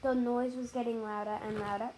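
Warm-voiced woman reading a bedtime story. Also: a little high, slight background noise, poor audio. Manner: expressive, dramatic pauses and sound words. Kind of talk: children's story read-aloud.

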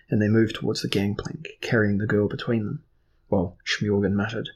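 Man, fantasy audiobook narrator, gravelly, husky, measured pace. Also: on the low side, little pitch movement, rough recording.

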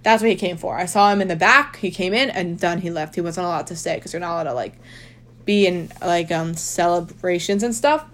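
A woman's voice: lowish voice, a little fast, a bit bright. Chatty young woman telling her story. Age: young adult. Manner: chatty, heavy use of "like", emphatic. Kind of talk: casual personal storytelling.

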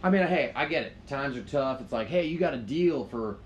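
This podcast co-host, a man with a medium-pitched, animated voice, spins out a long story at a fairly quick clip during casual conversation. His telling rambles, turns profane, and is packed with "like" fillers, over slight background noise.

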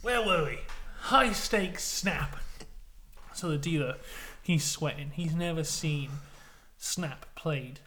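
A man co-hosting a podcast, telling an absurd comic story deadpan, dropping to a hush for suspense. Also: a little high, unhurried, a little hiss or hum. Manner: deadpan, builds suspense with hushed narration. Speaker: podcast co-host.

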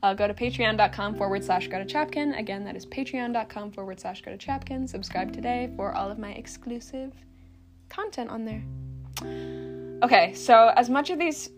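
A woman's voice: fairly high pitch, normal speed, music in the background. A young woman hosting a casual solo podcast, ranting bluntly and sarcastically with lots of swearing and laughter. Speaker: podcast host.

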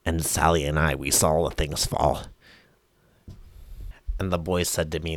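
Deep-voiced man, theatrical sing-song comic read, dry booth sound. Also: fairly even intonation, measured pace, pauses often, dry recording. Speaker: comic reader. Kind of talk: comic storybook reading.

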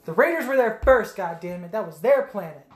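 A man's voice: sits high, expressive, fairly quick. A man co-hosting a podcast, recapping a movie in a rambling, profane, casual way. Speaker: podcast co-host. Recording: echoey room.

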